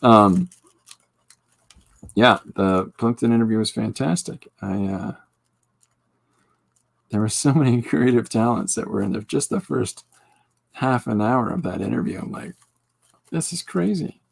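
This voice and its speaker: Gravelly, husky man chatting casually. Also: on the low side, a little slow, long pauses. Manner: rambling, joking, reacting to chat. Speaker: podcast host. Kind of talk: casual livestream chat while drawing.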